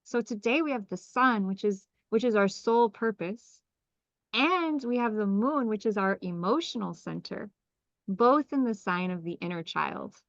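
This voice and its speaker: A woman's voice: medium pitch, a little slow, creaky, no room sound, muffled recording. Enthusiastic woman teaching on a call. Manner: enthusiastic, animated, asks many questions. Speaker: astrology teacher. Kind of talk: live group call presentation.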